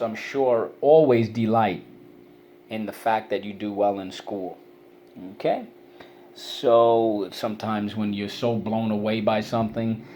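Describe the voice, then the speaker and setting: A man teaching a spelling lesson, encouraging and sounding out syllables slowly. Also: fairly low pitch, darkish tone, slight background noise.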